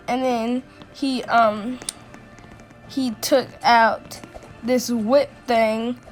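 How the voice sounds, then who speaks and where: A woman telling a personal story in a casual storytime, halting often with restarts and fillers. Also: on the high side, a little mellow.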